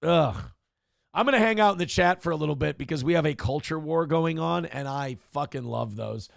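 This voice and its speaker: Male stream host, gravelly, higher-pitched, brash and crude, reacting to chat. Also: a little fast, no echo, clean studio sound. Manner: brash, profane, mocking. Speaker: morning show host reading chat. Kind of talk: casual, crude livestream talk.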